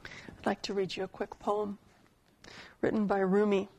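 A woman preacher giving a sermon, telling a story and reading a poem in a deliberate, dramatic way. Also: medium pitch, monotone, a little mellow, husky.

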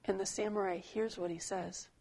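A woman preacher giving a sermon, telling a story and reading a poem in a deliberate, dramatic way. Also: mid-range voice, steady tone, vocal fry, darkish tone, a little hiss or hum.

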